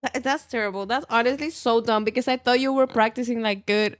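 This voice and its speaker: A woman's voice: a little high, a little fast. A woman in casual chat with a friend, teasing, blunt, swearing freely and laughing often.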